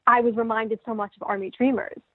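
A woman's voice: a little high, steady tone, brisk, breathy edge, no echo. A woman co-hosting a podcast, chatting eagerly about a singer's vocal style and laughing often. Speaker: podcast co-host. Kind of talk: casual chat about music. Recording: tinny phone-like remote line.

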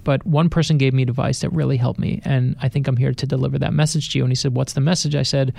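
Speaking fast in a steady tone, this middle-aged man has a creaky, dark, mid-range voice with no room sound. He is a best-selling author sitting as an interview guest in a radio studio, animatedly recounting personal stories and performing the voices of the people he quotes.

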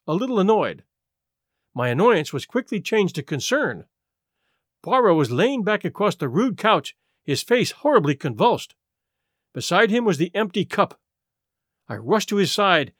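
A man reading a story aloud in measured first-person narration. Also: high voice, a bit bright, dry recording, studio quality. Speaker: audiobook narrator.

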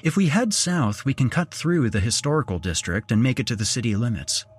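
A man voicing a steady, reassuring group leader in a horror audio story. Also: medium pitch, fairly quick, husky, voice pushed up. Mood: determined. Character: take-charge man, calm group leader.

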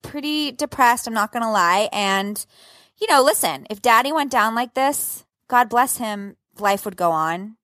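A woman's voice: a little high, expressive, a little slow, a bit bright, no room sound. A woman in her thirties telling a dramatic, profane story as a podcast co-host. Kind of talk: casual chat.

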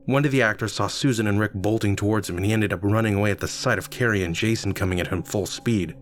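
A man's voice: on the low side, fast talker. Man reading a wry first-person story. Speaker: narrator.

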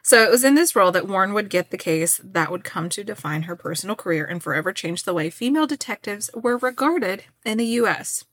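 A woman from Kentucky co-hosting a podcast, reading a history story and breaking into lively chat and laughter. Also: mid-range voice, a little fast, few pauses. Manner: animated, laughs often. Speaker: podcast co-host.

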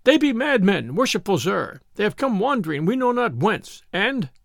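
A man's voice: high voice, sing-song, moderate pace, vocal fry, a bit bright, dry recording, studio quality, full character voice. A man voicing a humble peasant who pleads deferentially with a lord, as a character in an audiobook. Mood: pleading.

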